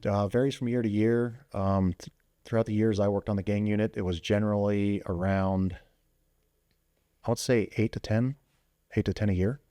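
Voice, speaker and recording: A man who is a former police officer, telling stories as a podcast guest in a quick, animated way full of fillers and restarts. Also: fairly low pitch, no room sound, studio quality. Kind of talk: casual storytelling interview. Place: podcast studio.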